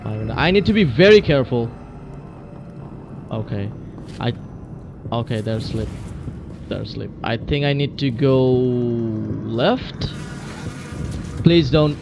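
A man's voice: mid-range voice, expressive, takes it slowly, vocal fry, long pauses, over music. A man hosting a let's play, jumpy and exclaiming as he talks to himself through a horror game. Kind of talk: gaming commentary.

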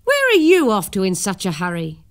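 A woman voicing a cheery, booming middle-aged man on a bicycle in a storybook reading, hearty and kindly. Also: wildly swooping pitch, brisk, clean tone, heavily acted.

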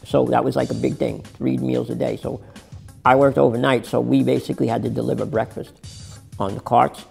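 A man's voice: mid-range voice, level tone, fairly quick, gravelly, darkish tone, soft background music. A middle-aged man, telling his story in a candid interview, rambling and swearing as he corrects himself. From New York City. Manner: rambling, profane, self-correcting.

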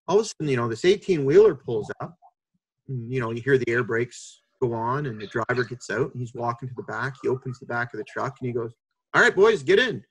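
A man in his fifties tells a long story as a podcast guest, with a voice of middling pitch. He carries it in a lively way and acts out each person he quotes. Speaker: podcast guest, hockey executive.

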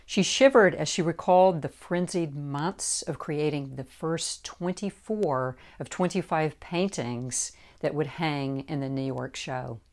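Slow, low-voiced woman reading aloud. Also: a little mellow. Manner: measured, deliberate reading. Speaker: author reading her own book. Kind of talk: audiobook narration.

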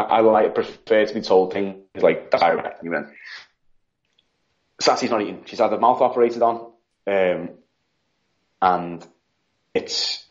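Man, grieving, rambling podcast guest, low-pitched, muffled lo-fi audio. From United Kingdom. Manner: rambling, retelling with quoted dialogue. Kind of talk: casual interview chat. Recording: dull lo-fi audio.

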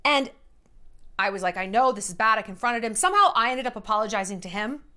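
A woman's voice: on the high side, fast. A woman in her thirties talking to camera in a casual, sarcastic vlog, acting out quotes as she tells stories. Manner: chatty, sarcastic, animated quoting of others. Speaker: vlogger. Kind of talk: casual storytelling monologue.

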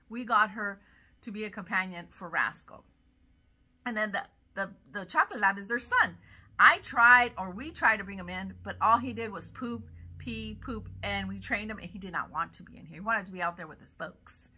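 A middle-aged woman talks casually to her viewers, gushing over bargains in a bright, sharp-edged voice. Her pitch sits in an ordinary middle range. She rambles and defends herself in a quick, chatty way. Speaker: vlogger showing thrift finds. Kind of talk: casual vlog chat.

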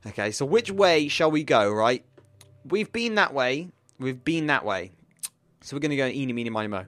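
Young male gaming YouTuber, playful and sing-song, animated pitch, dry booth sound. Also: moderate pace, no echo. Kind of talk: Minecraft let's play commentary.

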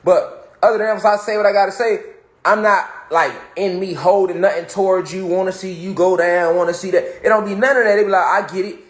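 A spiritual talk host with a high, steady-toned voice speaks a little fast in an echoey room. He gives a casual motivational monologue on spirituality, using street slang and repeating phrases for emphasis.

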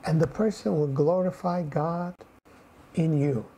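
Male preacher, fairly high voice with gravelly fry, earnest and repetitive, sermon delivery. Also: fairly even intonation, a little slow, warm tone, a little hiss or hum, poor audio. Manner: earnest, repeats phrases, frequent "you know" fillers.

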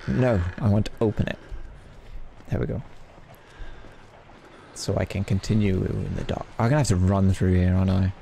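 A man's voice: lowish voice, moderate pace, vocal fry, dark tone. A man playing a horror game and commenting, joking, yelping and talking to the characters. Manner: jokey, yelps and talks to game characters. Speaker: let's play gamer. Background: game music.

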